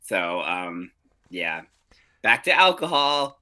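Playful man, comedy podcast co-host, bright voice, bouncy delivery. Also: deep voice, very animated. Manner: playful, quick to laugh, chatty. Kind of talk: casual comedic chat.

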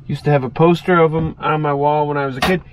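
A man's voice: on the high side, steady tone, fast talker. A man vlogging while cooking in a small motorhome kitchen, talking in a laid-back, folksy way to his viewers. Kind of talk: casual chat to camera. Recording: guitar music playing underneath. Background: guitar music.

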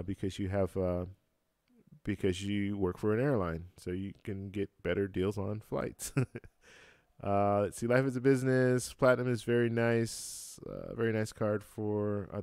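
A man hosting a travel live stream, casually chatting and answering comments, relaxed and halting with lots of fillers, close to his mic at home. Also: fairly low pitch, smooth, no room sound. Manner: relaxed, halting, many fillers and restarts, laughs easily. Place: home room with a computer fan. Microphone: close-up microphone.

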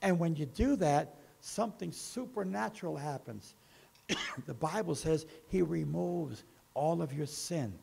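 A man preaching a sermon as pastor, with slow emphasis that rises and falls. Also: on the high side, very animated, gravelly, a little mellow, husky.

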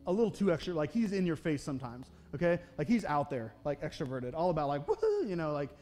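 High-voiced young pastor telling stories. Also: male voice, fast, darkish tone, faint music behind. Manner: conversational, self-deprecating, many "okay?" check-ins. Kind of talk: sermon with personal storytelling. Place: church sanctuary.

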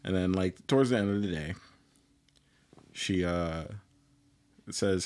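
On a podcast, a male co-host casually recaps an anime, rambling with plenty of "like" and performing the characters' lines. His low, slightly mellow voice is clear and resonant, and he talks slowly with frequent pauses.

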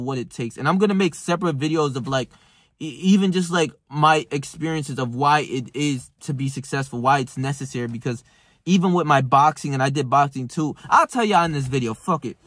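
A man's voice: on the high side, fairly bright tone, no room sound. A young man ranting to camera in a casual motivational vlog, emphatic and profane, calling the listener bro. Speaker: self-improvement vlogger.

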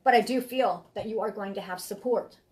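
A woman's voice: mid-range voice, a little fast, a little mellow, a little hiss or hum. Rambling woman reading tarot. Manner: rambling, heartfelt, repeats herself. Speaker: tarot reader. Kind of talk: live-streamed tarot reading.

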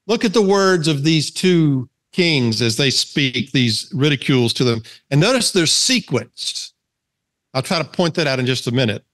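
A man's voice: fairly high pitch, a bit bright. A man with a Southern American accent teaching a men's Bible study in a casual, conversational way, asking his listeners questions and reading scripture aloud. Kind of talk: casual sermon to a men's group.

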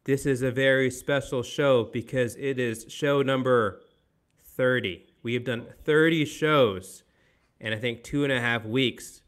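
A man's voice: mid-range voice, measured pace, fairly bright tone. A man hosting a nightly live-streamed concert show from his parents' dining room, emphatic and upbeat, repeating words for effect. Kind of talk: enthusiastic livestream hosting.

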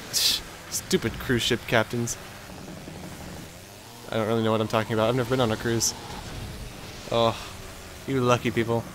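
A man with a Texan accent giving let's play commentary, excitable and yelping at crashes, rambling in self-deprecating asides. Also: medium pitch, noisy background. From Texas. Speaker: gaming video host.

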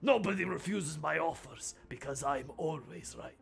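A man voicing a jealous, pompous male bar customer in a game with a put-on accent, haughty and quick to flare up. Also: fairly high pitch, faint music behind, voice pushed up. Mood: smug, wheedling. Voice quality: gravelly, breathy put-on accent.

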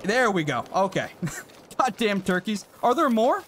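Male streamer, casual live commentary, excitable with some swearing, high-ish animated voice. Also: a little slow, background noise. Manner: excitable, swears, chats to viewers. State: briefly out of breath. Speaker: game streamer.

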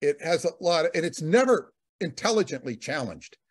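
A man's voice: fairly high pitch, very animated, fairly quick, slightly rough. A man co-hosting a talk, rambling in casual commentary, often repeating words and using fillers. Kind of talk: conversational commentary.

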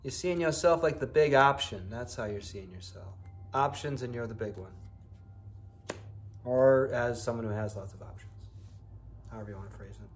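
A man's voice: medium pitch, moderate pace, pauses often, soft background music. Chatty man reading tarot cards. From Buffalo, New York, United States. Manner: chatty, playful, exclamatory asides. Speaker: tarot reader.

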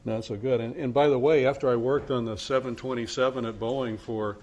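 A man's voice: medium pitch, steady tone, fairly quick, a little mellow, highs cut off. An older man giving a conference lecture on finance, speaking with many hesitations and restarts and a dry, self-deprecating humor. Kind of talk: academic lecture.

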